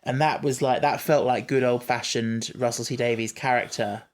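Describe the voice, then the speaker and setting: A podcast co-host keeps things casual, chatting enthusiastically and explaining at length. His medium-pitched voice moves at a normal speed with fairly even intonation.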